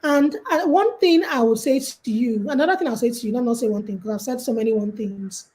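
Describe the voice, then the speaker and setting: A woman's voice: on the high side, quick pace, poor audio. A Nigerian woman giving casual life and money advice on a call, telling stories and acting out quotes. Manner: lively, storytelling with acted-out quotes. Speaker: guest speaker.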